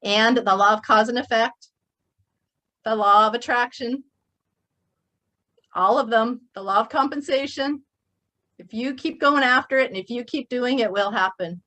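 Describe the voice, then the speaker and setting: Addressing a live online group at a motivational workshop, a middle-aged woman drives her points home like a preacher, impassioned and emphatic. Her fairly high voice sounds pushed and bright, and she speaks unhurriedly with long pauses.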